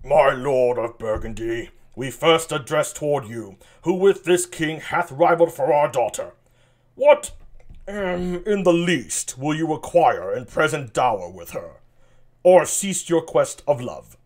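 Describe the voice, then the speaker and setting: A wrathful old king, read aloud by a man at a stately, dragging pace, his voice pitched a little high. He swells from measured speech into loud, bitter outbursts, like a dramatic reading of a classic play. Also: lively intonation. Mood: formal. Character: aged wrathful king disowning his daughter.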